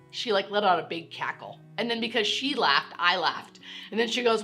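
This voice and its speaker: A woman's voice: mid-range voice, expressive, normal speed, creaky, sharp tone, slightly rough, soft background music. A woman who works as a hospice nurse, telling a story from her work in a candid, casual way and laughing often. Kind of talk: casual educational talk to camera.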